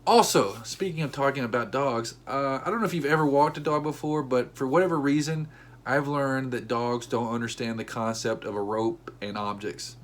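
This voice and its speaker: A man telling a funny story from his own life, with an animated, conversational delivery. His voice sits in a middle pitch range. When he acts out what people said, it jumps into sudden high-pitched outbursts. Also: moderate pace. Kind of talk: comedic storytelling monologue.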